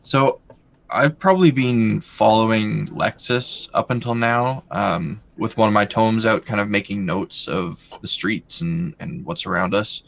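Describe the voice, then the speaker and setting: A man playing a character at a tabletop game, thinking aloud in a measured way about what his character does. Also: lowish voice, vocal fry. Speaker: player. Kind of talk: casual game table chat.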